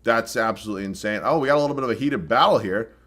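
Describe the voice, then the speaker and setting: A young gaming YouTuber talks very fast in a lowish, slightly bright voice while commenting live on his own basketball video game. He's self-deprecating and prone to frustrated outbursts full of swearing.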